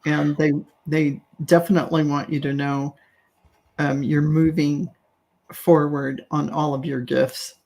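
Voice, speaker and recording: A woman speaking as a psychic medium, relaying spirit messages slowly and with care. Her voice has a gravelly, creaky edge, and she stays gentle and reassuring. She often pauses on soft fillers as she talks. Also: sits low, little pitch movement.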